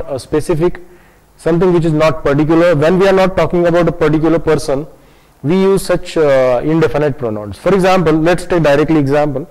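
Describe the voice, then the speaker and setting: A man gives an online grammar lesson in a fairly high voice. He talks in a halting way, full of "uh" and restarts, and slows down to stress key terms. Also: a little mellow, poor audio. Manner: hesitant, many fillers and restarts, switches into Hindi to explain. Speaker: English grammar teacher.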